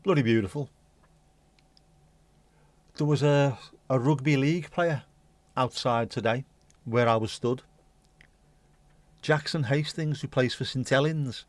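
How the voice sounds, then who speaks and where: A man's voice: mid-range voice, normal speed, no room sound. A man hosting a casual livestream, rambling and chatty, swearing casually and humming little tunes. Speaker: livestream host.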